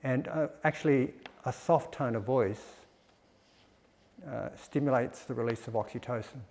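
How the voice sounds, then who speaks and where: A man with a gravelly, creaky voice gives a gentle, explanatory dharma talk. His words ring out with the long reverb of a meditation hall. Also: medium pitch, normal speed. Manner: gentle, explanatory, with soft laughs. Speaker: dharma teacher.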